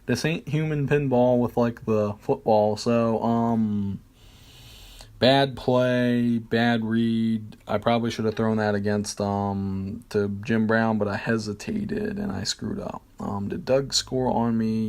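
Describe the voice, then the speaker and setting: A man's voice: on the low side, fairly even intonation, slow pace, darkish tone. A man streaming a football video game, talking through his plays in a rambling, hesitant way with many fillers and jokes at his own expense. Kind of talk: casual gameplay commentary.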